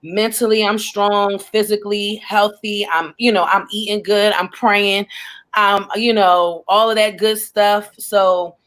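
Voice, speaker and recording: A woman shares her thoughts on a panel in a reflective, unhurried way. She talks at length and builds her point step by step. Her voice sits at a middling pitch. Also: level tone, a bit bright. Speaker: panel guest. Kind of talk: casual panel discussion.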